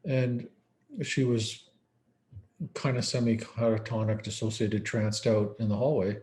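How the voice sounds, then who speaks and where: Low mellow-voiced male lecturer. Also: fairly even intonation, unhurried. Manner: conversational, storytelling, acts out quoted dialogue. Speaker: psychiatrist. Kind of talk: conference lecture.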